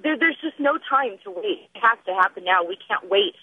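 A woman's voice: medium pitch, lively intonation, fairly quick, a little hiss or hum. A young woman calling a radio show, talking in an urgent, impassioned way over a tinny phone line. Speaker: caller. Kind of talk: call-in radio conversation.

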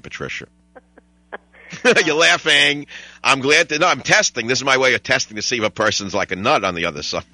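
An older man holds forth on a talk radio show, rambling from one story to the next with a wry, joking edge. His voice is low and bright, with a forceful bite. The studio sound is close and dry. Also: no echo. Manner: digressive, wry, mimics voices and jokes with callers. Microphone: studio microphone.

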